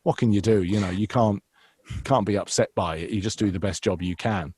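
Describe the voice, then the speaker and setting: A man's voice: fairly low pitch, fairly quick, darkish tone, slightly rough, dry recording, studio quality. A man, an impressionist and voiceover artist, chatting casually in an interview with rambling, restarting sentences. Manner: rambling, restarts, frequent fillers.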